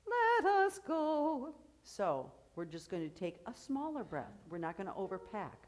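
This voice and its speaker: A woman's voice: on the low side, big pitch swings, moderate pace, a little mellow. A woman coaching a choir through vocal technique, explaining and encouraging as she demonstrates. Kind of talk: rehearsal vocal instruction.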